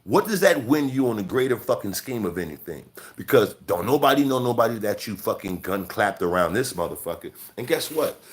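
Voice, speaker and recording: A man's voice: on the low side, expressive, a little fast, few pauses. Man, late forties, livestream rant, confrontational, heavy cursing. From Chicago. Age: 40s. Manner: profane, scolding, confrontational. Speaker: livestream host.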